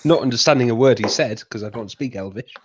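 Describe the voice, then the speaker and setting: A man's voice: mid-range voice, fast, very noisy. A man playing in an online tabletop game, speaking hesitantly with many fillers. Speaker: player. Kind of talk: casual tabletop game chat.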